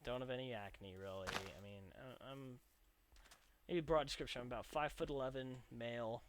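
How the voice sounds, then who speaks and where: A man's voice: mid-range voice, normal speed. A young man rambling through casual gameplay commentary as a let's play host, with chatty, self-mocking asides. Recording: noisy home recording with clicks.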